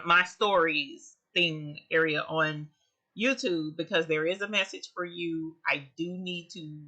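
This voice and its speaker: A woman's voice: low-pitched, pushed and bright. A woman hosting a casual livestream, chatting expressively and greeting viewers by name. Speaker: livestream host of an embroidery channel. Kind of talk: casual live chat with viewers.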